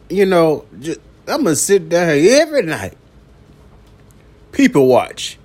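A man hosting a late-night solo podcast, talking slowly and profanely and returning again and again to one catchphrase. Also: on the high side, darkish tone. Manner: slow, profane, repeats a catchphrase; coughs now and then. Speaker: podcast host. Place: downtown building at night.

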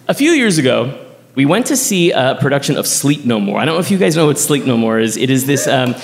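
A man from Texas telling a personal story on stage at a live show, animated and chatty, full of "like.". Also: mid-range voice, quick pace, vocal fry, in a large hall. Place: theater stage before a live audience.

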